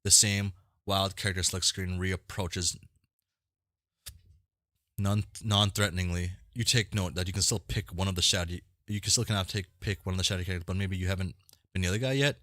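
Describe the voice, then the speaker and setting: A man with a low voice reads a webcomic aloud for his viewers, breaking off into rambling, self-mocking asides. He trips over names and shrugs it off. The sound is close and dry. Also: fairly even intonation, fairly quick, bright, forceful tone, no echo. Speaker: streamer reading a webcomic aloud. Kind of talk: casual read-along with commentary.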